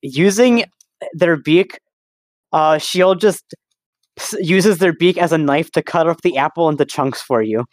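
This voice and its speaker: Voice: medium pitch, measured pace, no room sound. A player describing what their character does, hesitant and restarting mid-sentence. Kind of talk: tabletop role-play narration of own character.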